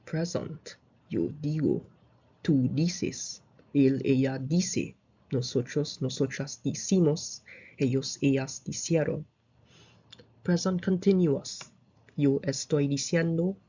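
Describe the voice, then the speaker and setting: Brief: male tutor, mellow dark voice, loose rambling explanations, lo-fi dull recording. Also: on the high side, slow pace, slightly rough. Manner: loose, repetitive explaining with fillers. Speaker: Spanish tutor. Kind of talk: casual recorded grammar lesson over slides.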